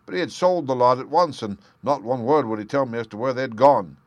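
A man's voice: mid-range voice, fairly quick, dry recording, close to an everyday voice. A man reading aloud plays a frightened young thief pouring out a pleading confession, his voice raised and urgent. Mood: anguished.

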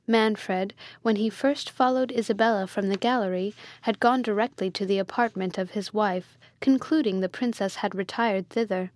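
A woman reads a Gothic novel aloud in a measured, steady way. Her voice sits at a middle pitch, and the recording is dry and close, with no room sound. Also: no echo. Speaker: audiobook reader.

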